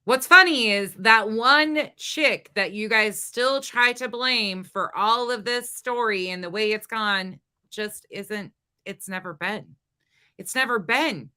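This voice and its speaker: A woman's voice: a little high, sharp tone. A woman hosting a reaction commentary, blunt, sarcastic and profane. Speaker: commentary host. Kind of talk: reaction commentary on livestream clips.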